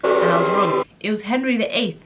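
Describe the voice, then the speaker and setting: A woman's voice: mid-range voice, lively intonation, fairly quick, very noisy. A woman from the Netherlands vlogging casually, chatty and incredulous as she thinks aloud and reads quiz questions out. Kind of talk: casual chat while taking an online quiz.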